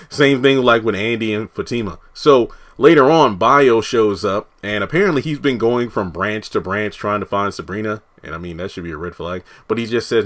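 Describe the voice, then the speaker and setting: A man's voice: on the low side, moderate pace, fairly bright tone. A man, a TV reviewer, casually recapping an episode, rambling and correcting himself as he quotes the characters.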